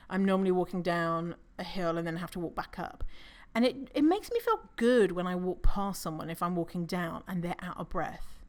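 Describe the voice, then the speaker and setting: Chatty, laughing woman podcast host. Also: fairly low pitch. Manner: chatty and animated, laughs often, swears casually. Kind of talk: casual solo podcast monologue.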